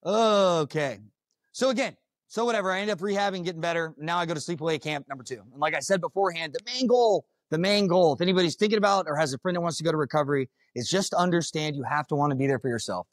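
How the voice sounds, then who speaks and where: A quick, rather high-voiced young man tells his story to a conference crowd, raw and unfiltered, swearing freely. His delivery is animated, and the sound is close and dry, with no room echo. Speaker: firefighter speaking at a summit. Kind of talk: storytelling talk to a live audience.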